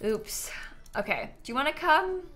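Woman streamer, casual and giggly, sits a little high in pitch. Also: very animated, normal speed, a bit bright, soft background music. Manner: chatty, giggly, talks to chat. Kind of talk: casual gameplay commentary.

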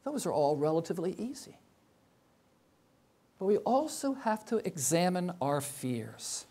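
An older man delivers a chapel sermon in a warm, mellow voice. He speaks reflectively and often pauses on rhetorical questions to his listeners. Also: high voice, very animated, slightly rough.

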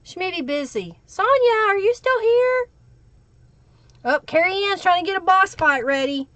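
A woman's voice: extremely high pitch, lively intonation, normal speed, fairly bright tone, dry recording. A woman hosting a live craft stream, chatting and thinking aloud while she works and greeting viewers by name. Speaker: craft livestream host. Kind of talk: live crafting tutorial with chat shout-outs.

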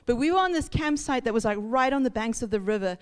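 A woman pastor, telling a lively story in a casual sermon, laughing and acting out sounds. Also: fairly high pitch, fast talker, clear, resonant tone. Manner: chatty, laughing, acts out sounds and voices. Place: church hall. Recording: reverberant church hall.

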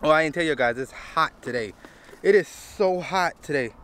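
A father vlogging outdoors beside a drained pond with his young daughter, excitable and coaxing. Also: on the high side, moderate pace. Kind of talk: casual outdoor vlog.

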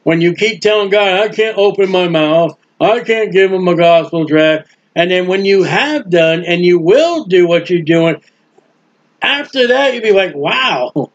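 High-voiced preacher, folksy and emphatic. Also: male voice. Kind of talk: sermon. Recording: dull lo-fi sound.

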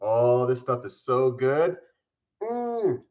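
A man's voice: mid-range voice, slow, darkish tone. A man in his forties hosting a casual live stream from home, chatting upbeat and eating on camera while mildly ill.

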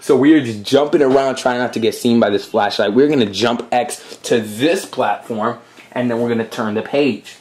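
A man with a mid-range voice talks viewers through a game, step by step. He keeps his commentary chatty and casual, with friendly asides and quick apologies for his mistakes. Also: mid-range voice, a little mellow. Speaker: gameplay host.

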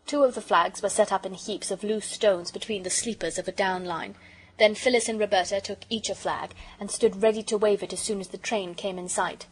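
Woman, children's audiobook narrator, breathy tone, expressive storytelling, mid pitch. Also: a little fast, low-quality recording.

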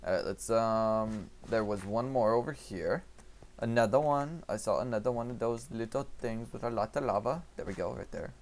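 A man commentating his own gameplay, talking to himself and swinging from quiet mutters to excited shouts. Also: lowish voice, moderate pace, hardly any pauses, a little hiss or hum. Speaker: gaming youtuber.

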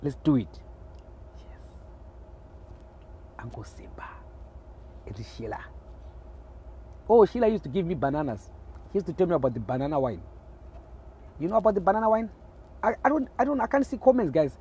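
A man's voice: sits high, big pitch swings, fast talker, a little mellow, breathy edge. A middle-aged man from Zimbabwe with a Zimbabwean accent, hosting a live stream in teasing, rambling chat, greeting viewers by name and talking into his phone.

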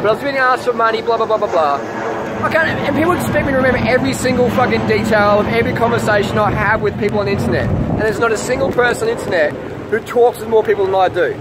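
A man's voice: sits high, very noisy. A man, ranting defensively to camera in a vlog, swearing and repeating himself in a heated way. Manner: profane, heated, repeating questions. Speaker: vlogger.

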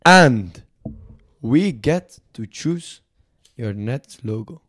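A man's voice: mid-range voice, animated, drawn-out words, a bit bright, exaggerated voice. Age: adult. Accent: put-on French. Figure: a man doing a pompous French investor. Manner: haughty, bossy, haggling over a deal.

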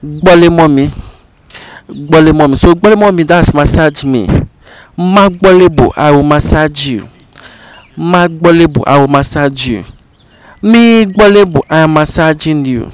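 A man with a Ghanaian accent teaching a language lesson, saying each phrase slowly and repeating it several times. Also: on the high side, clean tone, no echo.

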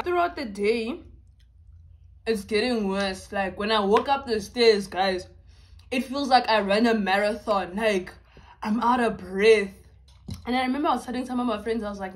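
A woman's voice: a little high, expressive. A young woman chats casually with her viewers over a meal, bubbly and talkative, stretching out some words. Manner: bubbly and chatty, with drawn-out words. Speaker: YouTuber. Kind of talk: casual mukbang chat.

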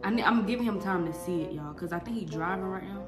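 A teenage girl talking casually to camera in a slangy, excitable, nervous ramble. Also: medium pitch, quick pace. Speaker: vlogger. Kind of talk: casual vlog chat to camera. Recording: echoey room with music behind. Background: music.

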